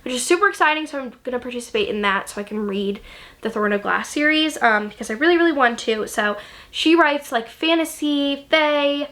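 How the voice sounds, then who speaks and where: A woman's voice: sits high, expressive, brisk, a bit bright. A young woman chatting casually about books she loves, gushing, with lots of ums and likes. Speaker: book vlogger. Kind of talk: casual chat.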